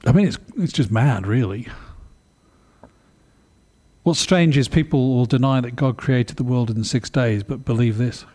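A male preacher delivers a sermon at an ordinary pitch. His tone is mellow and relaxed, and his delivery stays conversational and animated. He keeps stopping to ask his listeners questions. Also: unhurried, pauses often.

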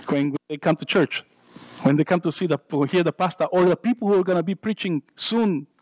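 A man's voice: sits high, normal speed, no echo, rough recording. A man with a non-native English accent preaching a sermon in church, joking about himself and restarting his sentences often. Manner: self-deprecating, jokey asides, stammering restarts.

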